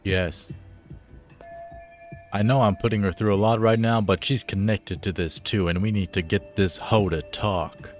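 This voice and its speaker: A man's voice: on the low side, fairly even intonation, measured pace, faint music behind. A man joking loosely in slang while live-streaming a game. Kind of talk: casual live-stream commentary.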